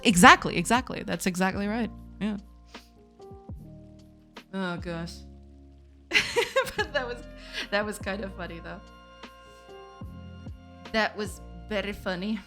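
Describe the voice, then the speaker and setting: A woman's voice: medium pitch, expressive, a little slow, pauses often, fairly bright tone, faint music behind. A woman from Portugal, a Portuguese native speaker, streaming game development and chatting with viewers, laughing often as she reads chat aloud. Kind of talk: casual live-stream chat.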